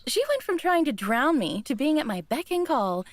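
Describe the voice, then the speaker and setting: Woman playing a coy condescending magic-voiced lady, sing-songy, kinda high. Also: big pitch swings, moderate pace, no echo. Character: teasing, manipulative woman with a magic voice. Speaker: voice actor reading a character.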